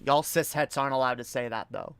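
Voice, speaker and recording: A woman's voice: rumbling low, steady tone, fast, clean tone, no echo. Angry, profane streaming woman. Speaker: livestream host. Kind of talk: ranting livestream chat.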